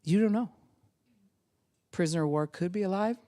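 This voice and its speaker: A woman's voice: lowish voice, normal speed, mellow. A woman pastor preaching a sermon, acting out quotes in different voices and laughing often.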